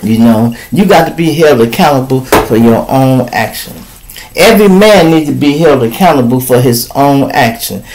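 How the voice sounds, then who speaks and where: A man's voice: medium pitch, lively intonation, moderate pace, a little mellow, slight background noise, poor audio. A man from Chicago hosting a podcast, giving casual, profane commentary and acting out quoted people in raised voices. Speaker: podcast host.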